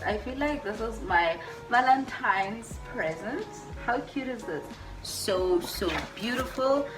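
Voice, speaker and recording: A woman's voice: on the high side, animated, slow, over music. A woman beauty vlogger doing a casual unboxing, gushing over each item and repeating her words as she talks to her viewers.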